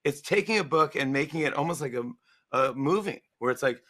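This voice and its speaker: Playful man in his forties, guest author, bright lively delivery. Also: on the high side, a little fast. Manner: animated, playful, acts out lines. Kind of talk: casual interview chat.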